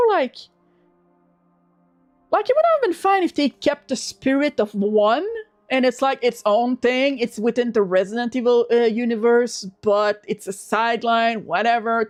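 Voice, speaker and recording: Animated high-voiced woman ranting on stream. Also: unhurried, soft background music. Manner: animated, swearing rants with many restarts. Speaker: livestream host. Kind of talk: casual livestream chat.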